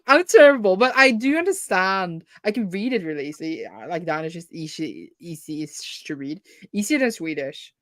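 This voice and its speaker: A woman's voice: on the low side, big pitch swings, normal speed, no echo. Chatty Norwegian woman with a Bergen accent. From Norway. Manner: chatty, giggly, lots of fillers. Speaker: booktuber co-host. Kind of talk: casual chat on a reading stream.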